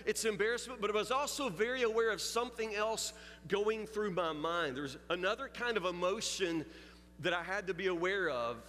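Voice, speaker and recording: A man with a high voice delivers a sermon, telling a story with confessional candor and building force. His words ring out with a long hall reverb, and soft music plays underneath. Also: moderate pace. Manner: storytelling, confessional, rising intensity. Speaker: preacher.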